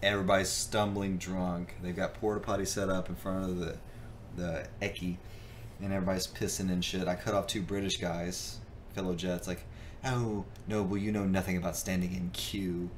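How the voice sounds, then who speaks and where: A man's voice: low-pitched, level tone, normal speed, slight background noise. Profane rambling man telling a story. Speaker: gaming livestream co-host. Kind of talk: casual storytelling chat.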